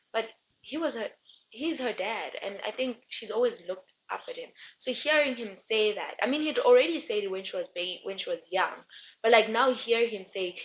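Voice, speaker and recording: A young woman giving a casual book recap and rant, chatty and rambling with animated asides. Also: mid-range voice, dull audio, a little hiss or hum. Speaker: book reviewer.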